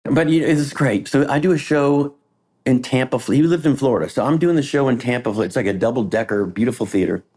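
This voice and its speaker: A man, a comedian guest, telling animated stories in casual podcast chat and acting out the people in them. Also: mid-range voice, quick pace, breathy edge. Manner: animated storyteller, acts out voices in quotes.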